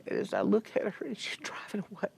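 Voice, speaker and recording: A man's voice: sits high, wildly swooping pitch, fast, vocal fry, a little hiss or hum. A man telling a personal story of loss in a casual church interview, tearful and emotional, quoting himself and others as he goes. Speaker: church member sharing his story. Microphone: church stream recording.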